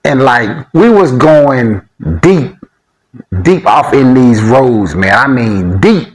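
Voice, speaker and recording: A man's voice: medium pitch, animated, takes it slowly, rough recording. A man from Alabama with a Southern accent, chatting casually on a video about life abroad. He tells stories in a laid-back, slangy way, full of chuckling asides. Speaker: vlog co-host. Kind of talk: casual chat.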